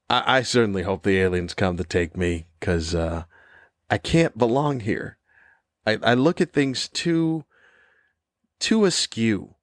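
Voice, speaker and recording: A cranky older man rants in a comedic podcast monologue. He sounds sarcastic and fed up, and his voice sits at an ordinary male pitch. The sound is close and dry, with almost no room echo. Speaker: podcast host.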